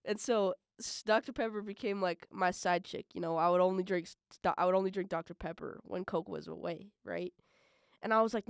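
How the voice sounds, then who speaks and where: A young woman hosting a college radio podcast, chatting casually and rambling with lots of fillers, swinging between loud bursts and mumbled asides. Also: lowish voice, fairly quick, creaky, smooth, dry recording, studio quality. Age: young adult. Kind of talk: casual solo podcast chat.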